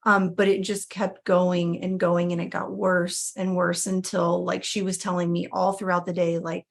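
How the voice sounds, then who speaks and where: A woman's voice: lowish voice, flat delivery, normal speed, creaky. Chatty mother telling her story. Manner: conversational with many fillers and restarts. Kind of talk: casual personal storytelling.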